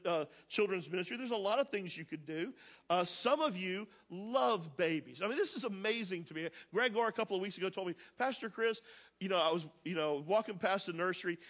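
A male pastor giving a sermon to his congregation, energetic and joking, talking straight to the people in the pews. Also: high-pitched. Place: church sanctuary with congregation.

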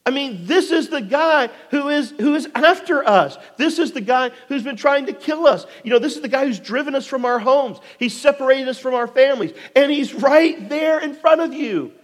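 A man's voice: moderate pace, few pauses, long reverb tail. A man voicing a band of weary soldiers who urgently plead with their leader, his voice raised and pressing. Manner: urgent, pleading, high and forceful. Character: David's soldiers, weary men urging revenge.

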